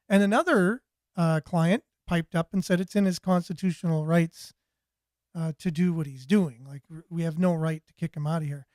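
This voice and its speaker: Male host, higher voice, dry close sound, rambling and repeating himself while reading viewer comments. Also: normal speed, darkish tone, no room sound. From Canada. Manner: rambling, repeats words and restarts. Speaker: talk show host.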